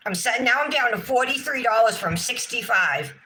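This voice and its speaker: Woman, nail livestream host, bright and sharp tone, frazzled and venting to chat. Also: on the high side, lively intonation, normal speed, slightly rough, rough recording. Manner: exasperated, talks to herself and the chat. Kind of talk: casual livestream chat to viewers.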